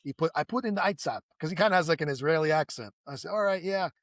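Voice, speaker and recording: A man's voice: a little high, fast, no room sound, clean studio sound. A man, the guest in a casual conversation, telling long stories with many restarts and asides, acting out the voices of people he quotes. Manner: animated storyteller who acts out quoted dialogue.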